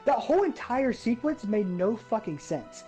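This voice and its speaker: A woman with a mellow, warm voice rants in a casual gaming chat and swears constantly. She talks with fired-up, animated disbelief. Faint music plays behind her. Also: a little high, normal speed. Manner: profane, ranting, animated. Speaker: gaming podcast host.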